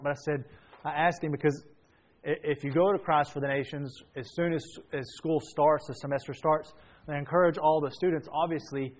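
A male pastor telling a story from the pulpit in a casual, chatty way, with frequent restarts. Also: medium pitch. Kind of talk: storytelling sermon.

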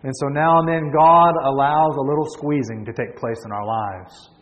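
A man's voice: mid-range voice, fairly even intonation, moderate pace, dull audio. A man preaching a sermon in a storytelling manner, with emphatic repeats and restarts. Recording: long hall reverb.

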